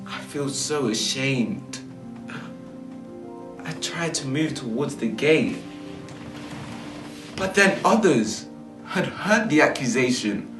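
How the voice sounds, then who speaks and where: A man's voice: on the high side, fairly bright tone, recorded from a distance, exaggerated voice. Peter, a man playing a shamed disciple. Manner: slow, emotional, cries out in denials. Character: Peter, a remorseful frightened disciple. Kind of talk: amateur stage monologue. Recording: echoey room with faint music.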